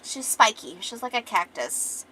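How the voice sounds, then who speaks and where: A woman's voice: a little high, big pitch swings, measured pace, sharp tone, a little hiss or hum, poor audio. A woman streamer casually retelling a story, rambling and swearing freely.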